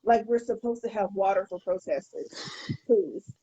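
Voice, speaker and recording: A woman co-hosting a casual podcast, swearing freely and restarting her sentences as she tells a story. Her voice has a husky edge. The sound is dry and a little muffled, with no room echo. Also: medium pitch, fairly even intonation, normal speed, warm tone. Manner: profane, repeats words when starting sentences. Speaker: podcast co-host.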